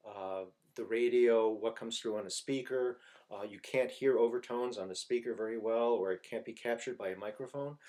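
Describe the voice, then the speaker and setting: A man giving an informal singing lesson, explaining slowly and haltingly and breaking into loud sung phrases to demonstrate. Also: mid-range voice. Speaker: voice teacher.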